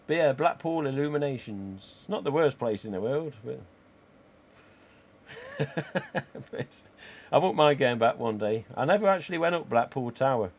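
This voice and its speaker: Croaky forty-something man. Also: medium pitch, expressive, measured pace, long pauses. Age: 40s. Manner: chatty and cheeky, with casual swearing. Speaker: live stream host. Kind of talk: casual livestream chat reading viewer comments.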